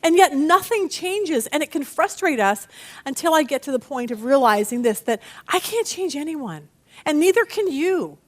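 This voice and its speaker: Woman Bible study teacher with a high voice. Animated, acts out the quotes. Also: normal speed. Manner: animated teaching with dramatic read-aloud voices.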